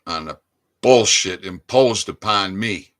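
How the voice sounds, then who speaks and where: An older man ranting in an impassioned monologue, swinging between loud outbursts and low muttering. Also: slow pace. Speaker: activist channel host.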